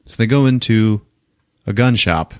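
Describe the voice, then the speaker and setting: A man's voice: on the low side, unhurried, smooth, dry recording, studio quality. A man hosting a podcast, recapping a movie in a laid-back, swearing, laughing way. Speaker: podcast host.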